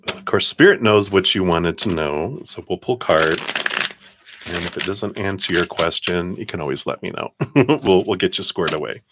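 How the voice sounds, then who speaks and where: A man's voice: sits low, background noise. A man giving live-stream tarot readings, talking reassuringly and directly to the viewer with frequent chuckles. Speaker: tarot card reader.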